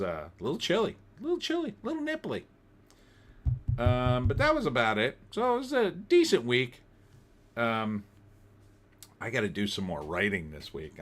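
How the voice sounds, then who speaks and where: A man's voice: on the low side, a bit bright. A middle-aged man from New Jersey hosting a casual livestream, rambling about his week and reading viewer comments aloud. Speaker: livestream host.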